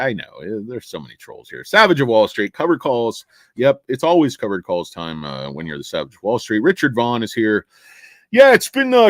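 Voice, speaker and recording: Casting note: man in casual livestream host mode, profane ranter, very animated pitch, dry close mic. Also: dry recording. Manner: ranting, profane, swings from loud to mumbling. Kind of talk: casual livestream chat reading viewer comments.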